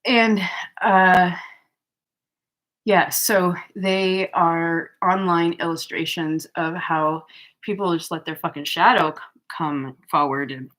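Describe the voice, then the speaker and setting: A woman's voice: fairly low pitch, slow. A woman hosting her own channel, talking frankly and profanely in a casual vlog monologue, with fillers and mocking asides. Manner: frank, profane, animated storytelling with mocking quoted voices; frequent fillers and laughs. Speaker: channel host.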